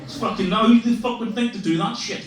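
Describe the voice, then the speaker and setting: A man's voice: high voice, fast. An Irish man in his forties doing stand-up comedy, swearing freely and laughing as he teases the crowd. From Ireland. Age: 40s. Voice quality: profane, laughing banter. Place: comedy club, live audience. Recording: echoey club from a distance, crowd. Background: audience laughter.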